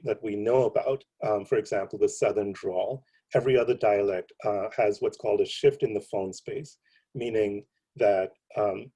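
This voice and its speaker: A man, a computer science professor, giving a seminar lecture in a relaxed, conversational way, full of ums and you-knows. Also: on the low side, breathy edge, low-quality recording.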